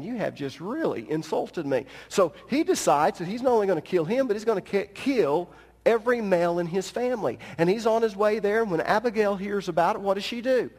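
A man preaching a sermon as pastor, telling a story with animated delivery and joking asides. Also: high-pitched, in a large hall.

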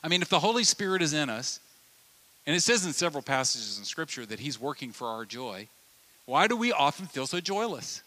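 A man preaching a sermon in a lively, conversational way, acting out the voices of the people in his stories. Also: on the high side, fairly quick. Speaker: pastor.

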